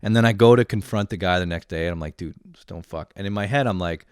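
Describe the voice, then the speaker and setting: A man's voice: fairly low pitch, fast talker, clear, resonant tone, no echo, clean studio sound. A young man in his twenties ranting casually and comically, swearing a lot and laughing often. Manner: profane, animated, laughs often. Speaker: vlogger. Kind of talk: casual comedic rant.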